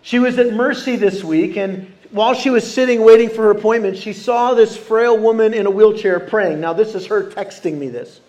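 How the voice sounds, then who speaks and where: A man preaching a sermon as pastor, animated and calling out questions to the congregation. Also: high voice, moderate pace. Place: church sanctuary.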